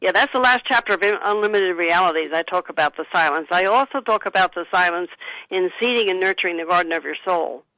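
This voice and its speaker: A woman's voice: on the low side, fast talker, sharp tone, no room sound, poor audio. A woman who is an author, giving earnest advice as a guest in a radio interview. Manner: earnest, advising, gives listeners example phrases. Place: studio.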